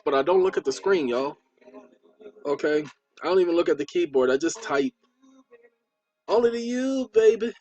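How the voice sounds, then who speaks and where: A man's voice: a little high, a little mellow, dull audio. A man hosting his own channel, lecturing viewers in a chatty way and repeating points for emphasis while he types. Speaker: channel host.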